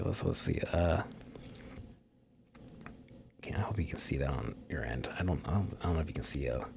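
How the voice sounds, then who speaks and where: A man's voice: low voice, gravelly, dark tone, slight background noise. A man hosting a livestream, reading an article aloud in rambling commentary and ranting in a sarcastic, profane way. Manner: sarcastic, profane ranting with frequent fillers and restarts. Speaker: livestream host.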